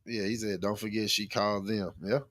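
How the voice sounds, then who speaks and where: A young man co-hosting a podcast in a laid-back way, chuckling and tossing in quick agreeing replies. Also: lowish voice, flat delivery, fairly bright tone, dry recording. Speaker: podcast co-host. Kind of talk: casual podcast chat.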